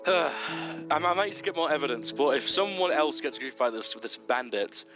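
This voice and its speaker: A man's voice: fairly high pitch, lively intonation, moderate pace, over music. A man chatting over voice chat while gaming, hamming up a joking detective act. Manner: playful, mock-detective bit. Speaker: Minecraft server player.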